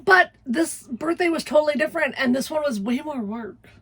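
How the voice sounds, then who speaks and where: A woman's voice: sits high, normal speed, fairly bright tone, dry recording. A woman, chatting casually as a vlogger and laughing often. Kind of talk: casual vlog narration.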